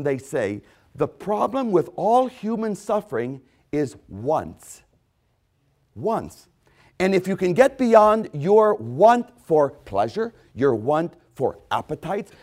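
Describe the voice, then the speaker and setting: Emphatic preacher man, lively pitch. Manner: emphatic preaching with repetitions and quoted voices. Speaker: pastor. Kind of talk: sermon.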